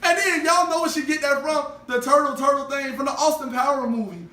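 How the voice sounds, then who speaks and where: A young man co-hosting a podcast, telling a story in a loose, slangy, animated way and laughing often. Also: very high voice, brisk. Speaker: podcast co-host. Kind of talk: casual storytelling chat. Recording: roomy, distant mic, faint hiss.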